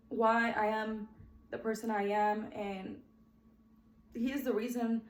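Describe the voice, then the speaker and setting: A podcast host in her twenties, emotional and at times near tears, recounts her life in a chatty, heartfelt way and keeps addressing "guys." Her slightly high voice is slow and level, heard in an echoey room.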